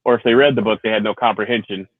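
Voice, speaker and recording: A man's voice: on the low side, fairly even intonation, very fast, no echo. A man who is a Marine veteran hosting a casual livestream, rambling and swearing freely, laughing often. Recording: tinny phone-like sound.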